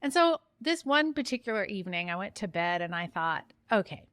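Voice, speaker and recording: A woman's voice: medium pitch, very animated, fairly bright tone, clean tone, no echo, studio quality. A woman hosting her own podcast, talking openly and chattily, poking fun at herself and getting fired up. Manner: open, chatty and self-mocking, fires up quickly. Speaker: podcast host. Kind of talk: candid solo podcast monologue.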